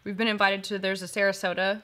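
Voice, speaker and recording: A chatty woman co-hosting a live show, with a bright, forward voice. She talks in an emotional, giggly way, with her pitch in an ordinary middle range. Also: flat delivery, quick pace. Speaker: co-host. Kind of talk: casual chat on a live stream.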